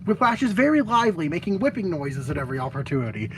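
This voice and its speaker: A woman's voice: on the low side, sing-song, fast, slight background noise, low-quality recording. A young woman casually reading out her fan-game designs to a friend, stumbling and laughing at her own ideas. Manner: giggly, stumbling and self-mocking.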